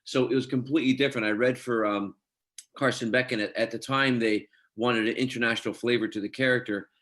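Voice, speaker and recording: Fast-talking Scottish-born actor. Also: male voice, mid-range voice, fairly even intonation, a bit bright. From Scotland. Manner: chatty anecdotes, quotes others, laughs easily. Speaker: actor guest. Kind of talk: casual interview storytelling.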